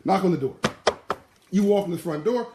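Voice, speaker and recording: A man giving a live-streamed motivational talk in passionate, animated storytelling. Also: high-pitched, fairly quick, reverberant, a little hiss or hum. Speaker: motivational speaker.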